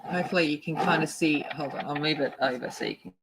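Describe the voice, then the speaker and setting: A woman hosting a coloring livestream, chatting casually and excitedly greeting her viewers by name. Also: sits low, quick pace, heavy background noise. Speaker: art livestream host.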